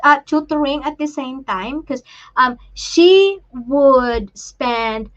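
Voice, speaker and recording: A woman hosting a casual live chat, talking in a halting, emotional way with many restarts while she shows things to the camera. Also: sits high, highs cut off. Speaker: livestream host and parent.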